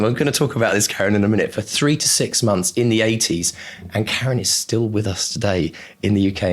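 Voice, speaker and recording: Male podcast host, lower register, eager and talkative. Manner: enthusiastic, chatty, fond of alliteration. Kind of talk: podcast interview.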